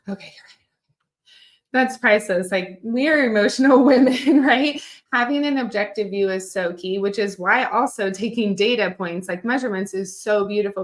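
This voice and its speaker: A woman's voice: fairly high pitch, fairly bright tone, roomy sound. A young woman nutrition coach teaching a live online masterclass, upbeat and encouraging, often checking in with her listeners.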